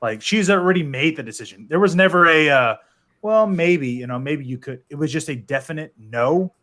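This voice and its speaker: A man in his thirties hosting a casual podcast chat, animated, laughing often and filling his talk with "like" and "dude". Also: on the high side, moderate pace. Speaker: podcast host.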